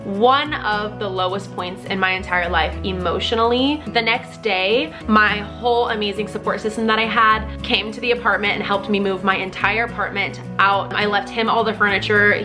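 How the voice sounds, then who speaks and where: A young woman casually telling a personal story to camera, candid and expressive, with plenty of "like" and the odd swear word. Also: medium pitch. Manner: candid and expressive, with frequent "like" and profanity.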